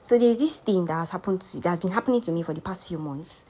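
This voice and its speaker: Nigerian girl podcasting, kinda husky low voice, heartfelt and preachy about keeping faith. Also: fast talker, darkish tone. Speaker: podcast host. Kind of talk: motivational faith talk.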